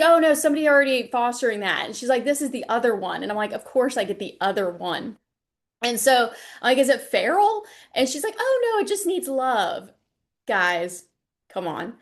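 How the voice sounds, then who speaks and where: A woman, a university instructor chatting casually to her class on a livestream lecture and telling stories with animated quoted voices. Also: fairly high pitch, fairly quick.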